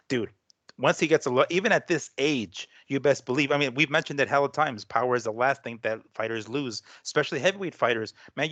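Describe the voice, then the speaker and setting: A man's voice: mid-range voice, fairly bright tone, no room sound. A man co-hosting a casual boxing podcast, loose and profane with many fillers.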